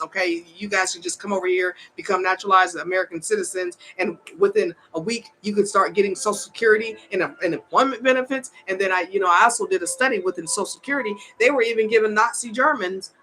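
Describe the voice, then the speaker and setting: Older woman vlogger, bright and forceful voice, heated and repetitive, faint room hiss behind. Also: lowish voice, poor audio. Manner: heated, repetitive, emphatic, laughs between points. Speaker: vlogger and advocate. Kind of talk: opinionated monologue.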